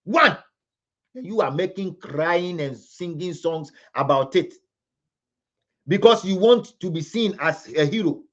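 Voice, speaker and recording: A man's voice: sits high, lively intonation, slow, highs cut off. A Ghanaian man giving impassioned live commentary, scolding and repeating phrases for emphasis. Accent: Ghanaian English. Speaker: livestream commentator.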